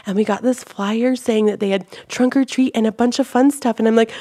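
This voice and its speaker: A woman's voice: mid-range voice, steady tone, quick pace, hardly any pauses. A woman guest on a church podcast, telling a story in casual conversation and acting out the voices of the people in it. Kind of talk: casual testimony chat.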